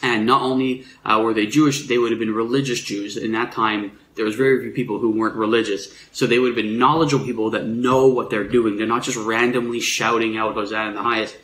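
A man's voice: lowish voice, little pitch movement, quick pace, hardly any pauses, fairly bright tone, a little hiss or hum. Man preaching conversationally in an echoey room. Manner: conversational, explanatory, with frequent fillers and restarts. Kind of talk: sermon.

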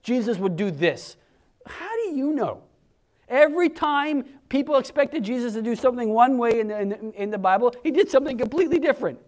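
High-voiced man preaching animatedly. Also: quick pace, hardly any pauses. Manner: conversational, animated, acts out crowd voices. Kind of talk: sermon.

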